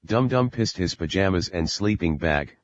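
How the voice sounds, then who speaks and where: A furious, short-tempered father barking insults at his child, read by a man in a very low voice. The sound is dry and a little muffled, like an audiobook on a lo-fi recording. He scolds and threatens in every line. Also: animated, normal speed, dry recording. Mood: angry scolding. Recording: dull lo-fi recording.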